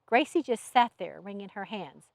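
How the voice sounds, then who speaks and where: Woman author, novel reading, expressive narration, lively pitch, dry close sound. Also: moderate pace, gravelly, dry recording. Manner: expressive storytelling. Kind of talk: audiobook narration.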